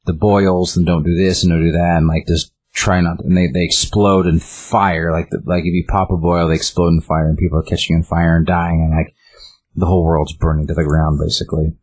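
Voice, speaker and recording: Low-voiced man rambling through a plot recap. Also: level tone, brisk, a little mellow, husky. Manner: rambling, many "like" fillers.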